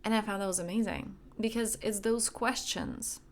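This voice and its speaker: A woman's voice: medium pitch, fairly even intonation, moderate pace, gravelly. Emphatic woman giving a motivational talk. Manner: emphatic, acts out her own inner dialogue. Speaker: life coach. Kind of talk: motivational self-help talk.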